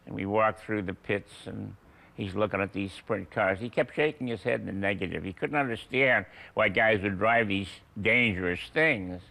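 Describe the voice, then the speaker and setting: Gravelly-voiced man in his eighties. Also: on the low side, pushed and bright. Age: 80s. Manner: unhurried, chuckling raconteur with fillers. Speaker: veteran racing broadcaster, guest. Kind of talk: anecdotal storytelling.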